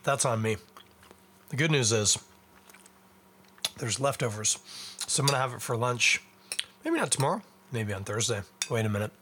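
Bright-voiced Canadian man, rambling podcast chat. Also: mid-range voice, animated, moderate pace, pauses often, a little hiss or hum. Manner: rambling, self-deprecating, chatty while eating and drinking. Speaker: podcast host. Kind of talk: casual solo podcast chat.

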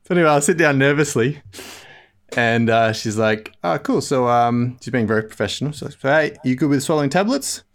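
A man's voice: mid-range voice, brisk. A man, telling a long self-mocking story in casual chat, rambling and laughing often. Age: 30s.

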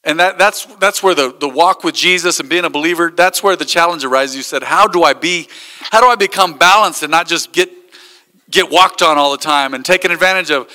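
A man's voice: a little high, a little fast, bright, forceful tone, long reverb tail. A man, a pastor, preaching a sermon and telling stories with acted-out quotes. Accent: American.

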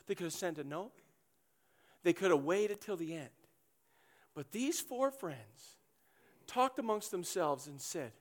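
Man, high voice, preacher, sermon, humorous storytelling, acted asides. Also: animated. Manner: humorous storytelling, acting out characters in quick asides. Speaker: pastor.

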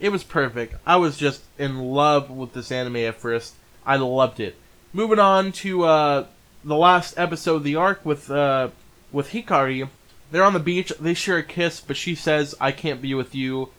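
A man's voice: on the high side, moderate pace, fairly bright tone. Enthusiastic rambling man reviewing anime. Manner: enthusiastic, rambling, frequent restarts. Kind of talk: casual video review.

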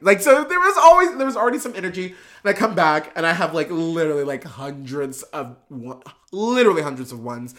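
A drag performer appearing as a podcast guest tells a casual story in an animated way, full of filler words and restarts, laughing and swearing throughout. The voice is medium in pitch and brisk.

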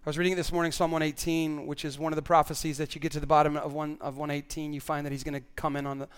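High, clear-voiced male pastor preaching. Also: little pitch movement, racing. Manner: earnest, repeats words when stressing a point. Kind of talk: sermon.

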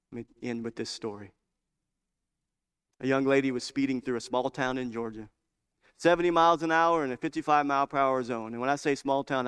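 A male preacher delivering a sermon in a mid-pitched voice. He tells stories and builds into fervent, emphatic preaching. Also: a bit bright, smooth.

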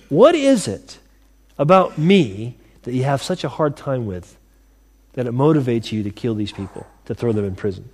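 A man preaching a sermon to his congregation, animated, acting out scripture voices and dropping to quiet asides. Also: a little high, a little fast. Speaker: pastor.

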